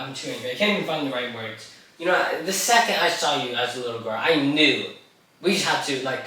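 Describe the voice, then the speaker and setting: Blustering noble father, furious, sputtering rant, played by a teen boy; bright tone, distant echoey recording. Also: mid-range voice. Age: teenager. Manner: ranting, stammering, exasperated. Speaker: student. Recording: echoey room, distant mic.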